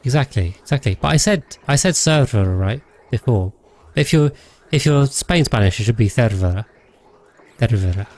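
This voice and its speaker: A man's voice: mid-range voice, expressive, brisk, hardly any pauses, a little mellow. A man chatting casually on a livestream while playing a game, rambling with frequent hesitations and self-corrections. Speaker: game streamer.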